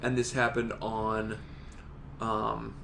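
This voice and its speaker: A man co-hosting a podcast in casual chat, rambling and excitable, swearing freely as he tells stories. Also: lowish voice, slow, gravelly, a little hiss or hum. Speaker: podcast co-host.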